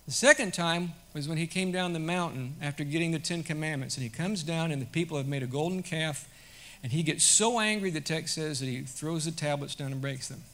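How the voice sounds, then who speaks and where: A man preaching a sermon to his congregation in a conversational way that swells to loud, emphatic peaks. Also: a little high, brisk. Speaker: pastor.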